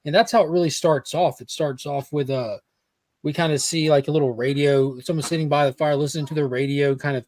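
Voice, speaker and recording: A man's voice: fairly high pitch, steady tone, brisk, a little mellow, no room sound. A man co-hosting a casual comics podcast, chatting in a laid-back way and joking now and then. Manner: laid-back, chatty, laughs at own jokes. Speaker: podcast co-host.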